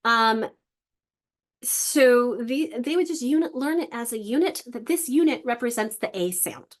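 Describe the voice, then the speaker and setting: A woman's voice: a little high, expressive, a little slow. A woman leading an online literacy training for teachers, talking conversationally with frequent restarts and sounding out vowels to demonstrate them, over a computer microphone.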